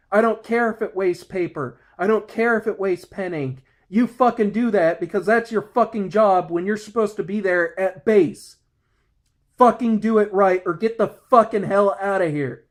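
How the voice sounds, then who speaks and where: A man in his thirties, a security guard, ranting angrily in a profane vlog. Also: sits high. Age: 30s. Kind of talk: angry vlog rant.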